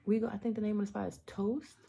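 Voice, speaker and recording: A woman's voice: mid-range voice, little pitch movement, quick pace, creaky, dark tone. A woman from the Bronx in a casual, rambling monologue, blunt and profane, often breaking off mid-thought with playful asides. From the Bronx, New York. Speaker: vlogger.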